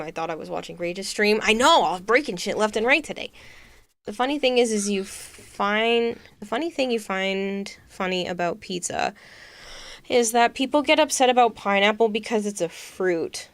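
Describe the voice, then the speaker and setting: A woman streaming a game, chatting casually with friends and reading out chat messages. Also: mid-range voice. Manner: chatty, joking, reads chat aloud.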